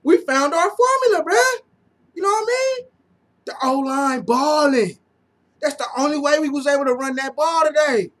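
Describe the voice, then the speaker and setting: A man giving excited, slangy fan commentary on a football game, repeating lines and often shouting. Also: very high voice, moderate pace.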